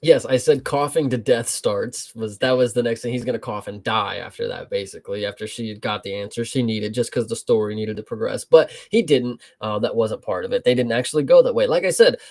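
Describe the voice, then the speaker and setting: A man's voice: fairly low pitch, brisk, few pauses, a little mellow. A man co-hosting a casual film review, talking in a loose, rambling way with frequent swearing and filler words.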